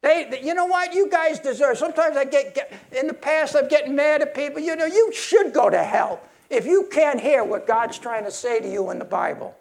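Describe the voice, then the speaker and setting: A man's voice: very high voice, lively intonation, normal speed, gravelly, hardly any pauses. A man preaching a sermon in a heated, emphatic way, often restarting his sentences.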